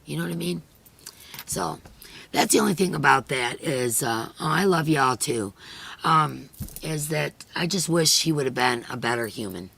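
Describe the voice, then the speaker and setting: A middle-aged woman chats casually with viewers on a crochet live stream. Her voice is hoarse and husky, with a gravelly edge under a bright tone. She talks earnestly and emotionally, filling her sentences with "you know.". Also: low-pitched, animated, normal speed. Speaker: crochet channel host.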